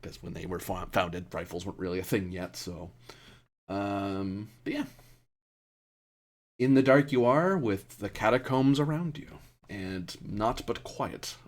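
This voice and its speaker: A man narrating a tabletop role-playing game as game master, relaxed, with many fillers and self-corrections. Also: lowish voice, a little slow.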